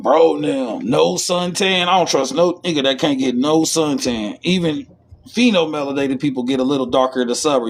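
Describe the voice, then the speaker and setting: Guy ranting about mystic stuff, swears a lot, jumps from yelling to muttering, kinda high voice. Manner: profane, joking, wild swings between loud outbursts and mutters. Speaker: channel host. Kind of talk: rambling esoteric commentary, reading passages aloud.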